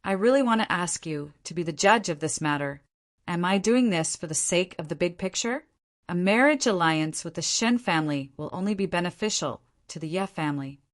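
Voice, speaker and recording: A woman's voice: on the low side, animated, a little fast, close to an everyday voice. A woman voicing a scheming, indignant uncle. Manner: whining, indignant complaints. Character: scheming angry middle-aged uncle.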